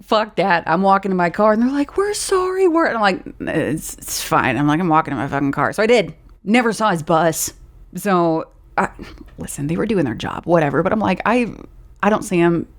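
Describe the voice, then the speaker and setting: A woman in her thirties hosting a podcast, telling festival stories in casual, profane, animated chat with frequent laughs. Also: medium pitch. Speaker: podcast host. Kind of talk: casual storytelling.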